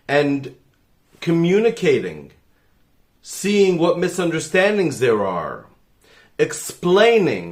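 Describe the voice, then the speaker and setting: A middle-aged man, a rabbi, speaking earnestly to the camera and explaining his points slowly, leaning on key words. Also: fairly high pitch. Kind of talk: direct-to-camera appeal.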